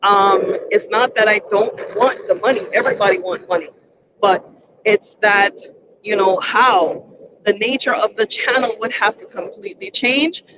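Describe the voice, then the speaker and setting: A woman's voice: medium pitch, moderate pace. Frank vlogger woman on a noisy beach. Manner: frank, reflective, conversational. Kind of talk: casual talk to camera. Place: outdoors on a beach. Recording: dull lo-fi sound with loud outdoor noise.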